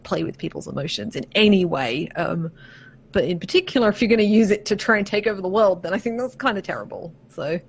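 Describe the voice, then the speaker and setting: A woman co-hosting a podcast with a somewhat low voice for a woman. She talks loosely and laughs easily. She peppers her sentences with "like". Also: husky. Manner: peppers speech with "like". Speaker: podcast co-host. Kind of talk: casual chat.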